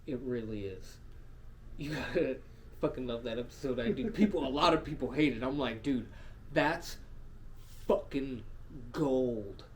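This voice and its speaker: A man co-hosting a podcast in crude casual chat, cursing and laughing often, swinging between loud and soft. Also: medium pitch, fairly quick, a little hiss or hum. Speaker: podcast co-host.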